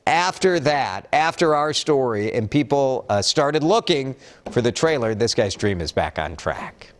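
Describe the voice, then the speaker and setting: A man's voice: mid-range voice, measured pace. A man with a Minnesotan accent anchoring a morning news update in a chatty, joking way. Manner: chatty, jokey, animated delivery.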